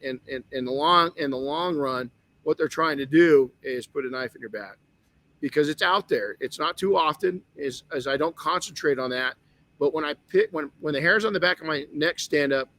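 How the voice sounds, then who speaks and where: Here the motivational podcast host is a middle-aged man whose medium-pitched voice is a bit bright. Earnest throughout, he recounts something personal and keeps restarting.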